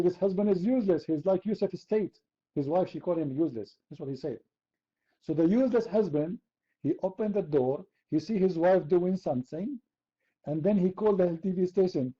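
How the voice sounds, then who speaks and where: A man's voice: fairly high pitch, husky, highs cut off. A man from the Middle East, hosting an online chat room debate in a sarcastic, mocking, argumentative way. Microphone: computer mic.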